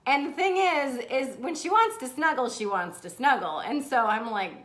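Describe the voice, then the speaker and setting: A woman's voice: high-pitched, lively intonation, normal speed, a bit bright. A woman chatting casually on a livestream, reading viewer comments, laughing often and swearing now and then. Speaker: motivational vlogger reading live comments. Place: indoors, seated.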